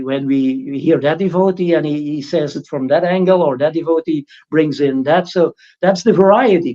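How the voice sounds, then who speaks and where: A spiritual teacher gives an informal, rambling talk on a livestream, often restarting his sentences and doing mocking impressions of his critics. His voice is fairly high and a little mellow, and the recording has its high frequencies cut off.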